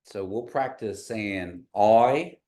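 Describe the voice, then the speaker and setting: In a classroom full of learners, a male language teacher with a lower, mellow voice leads a pronunciation lesson. He patiently models the sounds slowly, then has the class repeat them back.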